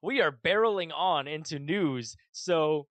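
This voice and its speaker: A man's voice: on the high side, expressive, unhurried, fairly bright tone, no echo. A young man co-hosting a casual podcast who laughs a lot, teases his friend and steers the talk back to the news. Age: 20s. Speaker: podcast co-host. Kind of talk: casual chat.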